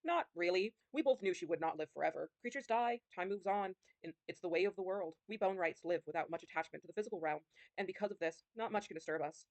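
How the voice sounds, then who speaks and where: A woman voicing a calm ancient phantom. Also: fairly low pitch, no room sound, natural voice. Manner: calm, measured, unattached. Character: calm ancient male sewer phantom, detached.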